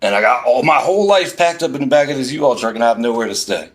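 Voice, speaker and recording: Speaking quickly at medium pitch, an exasperated vlogger from Philadelphia rants from a parked van. He animatedly recounts a story, quoting each side of the exchange.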